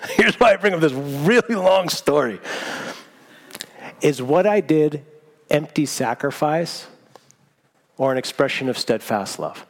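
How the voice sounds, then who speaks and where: A man preaching a sermon, telling a personal story in a lively, self-mocking way. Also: on the high side, moderate pace. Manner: animated storytelling, self-mocking, laughs at himself. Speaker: pastor. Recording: long hall reverb.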